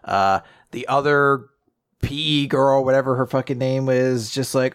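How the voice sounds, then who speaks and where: A podcast co-host with a medium-pitched, fairly even voice recaps a story in a casual chat at normal speed. He rambles, acts out quotes, and uses lots of fillers and swearing, in a dry, studio-quality recording.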